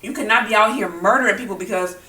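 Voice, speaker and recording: A woman's voice: medium pitch, quick pace, sharp tone, echoey room, distant mic. A woman vlogging while she eats, talking bluntly and angrily about the news and swearing often. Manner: blunt, heated and profane. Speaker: mukbang vlogger. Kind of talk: angry opinion talk while eating.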